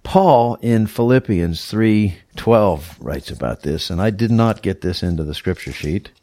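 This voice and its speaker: A man's voice: low voice, animated, measured pace, dark tone, no room sound. A male pastor preaching a sermon, teaching verse by verse in an emphatic, explaining way. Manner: teacherly, emphatic, walks through scripture verse by verse.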